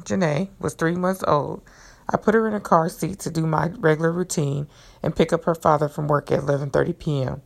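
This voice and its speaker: A woman podcast host reading a devotional book aloud in an earnest, measured way, then adding her own comments. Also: low voice, vocal fry.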